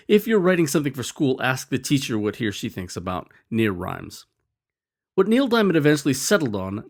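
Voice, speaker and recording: Male narrator for a scripted explainer lesson, wry and animated, with an expressive, varied pitch. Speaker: teacher.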